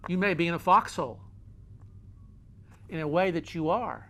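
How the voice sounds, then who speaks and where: A man's voice: fairly high pitch, normal speed, a little hiss or hum. Middle-aged male host, folksy motivational speaker, hammers his points home by repetition. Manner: emphatic, repeats key phrases, swings loud and quiet; folksy, talks with his hands. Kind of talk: motivational talk.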